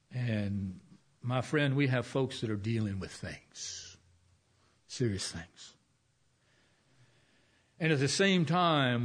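Folksy male pastor preaching softly. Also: mid-range voice. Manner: folksy, conversational, with long pauses and soft emphasis. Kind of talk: sermon.

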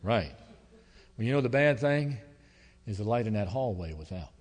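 A man preaching a sermon as pastor, telling stories in a folksy, emotional way that swings between loud and hushed. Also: on the low side, expressive, normal speed. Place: church sanctuary. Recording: long hall reverb.

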